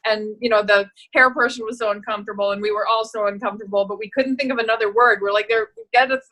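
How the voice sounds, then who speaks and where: Bright-voiced woman telling lively stories. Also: mid-range voice, fast talker, low-quality recording. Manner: animated storyteller, acts out quoted voices, laughs often. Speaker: actress and producer, guest. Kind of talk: casual anecdote telling.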